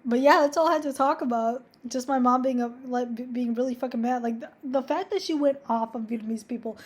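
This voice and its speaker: A young woman vlogger tells a story to camera in a chatty, casual way, swearing freely and saying "like" constantly. Her voice sits high, runs a little fast, and is slightly rough.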